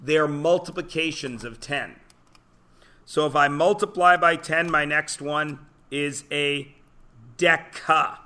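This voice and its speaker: A man with a high, sharp-toned voice gives an unhurried classroom lecture, joking, telling stories and quizzing his students.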